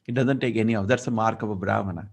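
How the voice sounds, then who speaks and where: A man teaching a scripture class, telling the story lively and acting out the dialogue. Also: lowish voice, fast, creaky, slightly rough. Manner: storytelling, acts out dialogue, asides. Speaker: spiritual teacher.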